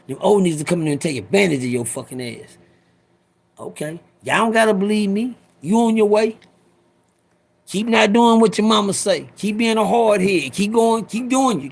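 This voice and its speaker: A man's voice: high-pitched, creaky, darkish tone. A middle-aged man telling a rambling, profane story to his live viewers, often breaking off to talk to them directly. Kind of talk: casual livestream storytelling.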